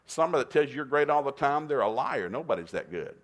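A man's voice: mid-range voice, quick pace, few pauses. A middle-aged man preaching a sermon, telling stories with humor and calling on the congregation to repeat after him. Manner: animated, playful storytelling with call-and-response. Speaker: pastor.

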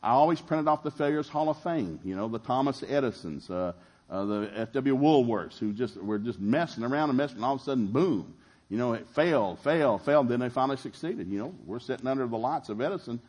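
Middle-aged preacher, husky, fervent, plays out quoted voices. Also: male voice, medium pitch, expressive, brisk, darkish tone. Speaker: pastor. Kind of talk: sermon.

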